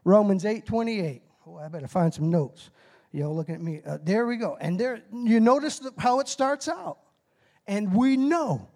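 A middle-aged man preaching a short, timed sermon with call-and-response. He is excitable and folksy, laughs at his own nerves, and bursts into shouted whoops. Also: sits high. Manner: folksy, self-deprecating about his nerves. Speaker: lay preacher.

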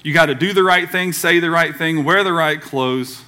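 A man's voice: on the high side, moderate pace, bright, forceful tone. A man from the American South preaching a conversational sermon as pastor, acting out quoted voices along the way.

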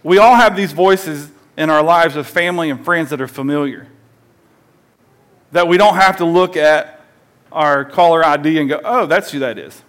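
A man's voice: on the high side, moderate pace, a bit bright. A man in his forties preaching a sermon as pastor, talking conversationally and leading the congregation in call-and-response.

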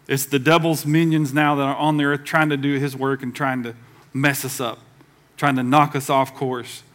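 Man, pastor, sermon, bright tone, slightly raised pitch, conversational, acts out quoted voices. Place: church sanctuary.

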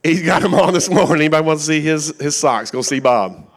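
Folksy high-voiced Kentucky preacher. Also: male voice, lively intonation, fast talker. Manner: folksy, joking storyteller. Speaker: guest preacher. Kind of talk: sermon.

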